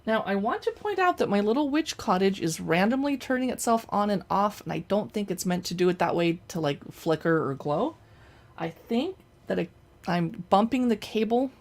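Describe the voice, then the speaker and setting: A woman's voice: mid-range voice, expressive, normal speed. Woman, chatty show-and-tell host, playful, indoor home setup. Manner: chatty, playful, talks while handling items. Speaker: host showing books and collectibles. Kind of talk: casual show-and-tell chat. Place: indoors at home in front of a backdrop.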